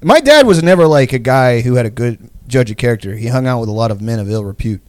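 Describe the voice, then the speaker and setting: A man's voice: medium pitch, animated, quick pace, no room sound. A young man casually telling a long story on a podcast, rambling with lots of fillers and swearing. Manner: rambling, lots of "like" fillers and profanity, laughs often. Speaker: podcast co-host.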